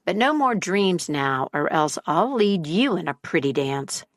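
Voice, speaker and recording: A surly, sleep-starved male dragon from a storybook tale, as a woman reads him. He growls out slow, drawn-out threats in a low voice with a lively rise and fall. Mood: irritated, surly.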